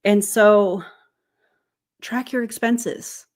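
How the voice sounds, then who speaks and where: A woman's voice: medium pitch, steady tone, extremely slow. A woman hosting a reaction commentary video, chatting to viewers and working through calculations step by step. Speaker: YouTube commentator.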